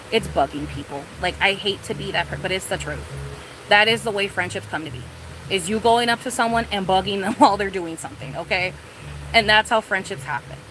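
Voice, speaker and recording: A woman's voice: mid-range voice, background noise. A young woman streaming live, ranting casually and profanely with lots of "like" and "you know what I mean.". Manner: profane, rambling, lots of fillers.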